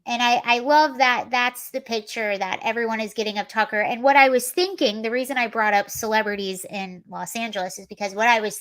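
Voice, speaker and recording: A chatty woman hosting a casual livestream with a slightly high voice. She talks freely and animatedly, riffing on the news and answering viewers as she goes. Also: a little fast, hardly any pauses. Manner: chatty, animated, reads chat comments aloud. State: allergies, coughing and sneezy. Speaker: livestream host. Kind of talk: casual political commentary livestream.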